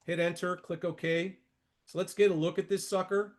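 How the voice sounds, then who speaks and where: A man's voice: sits high, level tone, normal speed. A man in his sixties giving a trading lesson while walking through charts, emphatic and repetitive, with folksy asides to his viewers. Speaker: market educator.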